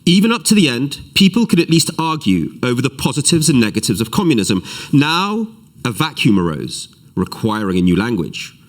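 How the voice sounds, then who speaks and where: A man's voice: medium pitch, big pitch swings, normal speed, lightly acted. A man reading out the words of a male spin doctor in a put-on cartoonish voice. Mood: reflective. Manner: quoted passage read aloud in a put-on cartoonish voice. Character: male post-Soviet spin doctor, calm and reflective.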